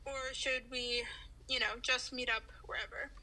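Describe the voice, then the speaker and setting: High, bright woman, soft voice message. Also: flat delivery, normal speed, poor audio. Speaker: listener writing in. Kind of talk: recorded voice message.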